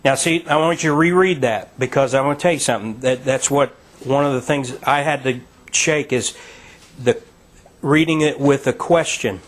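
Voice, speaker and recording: A man's voice: mid-range voice, moderate pace. A man leading a Bible study in a conversational, emphatic teaching style, asking listeners to read verses aloud.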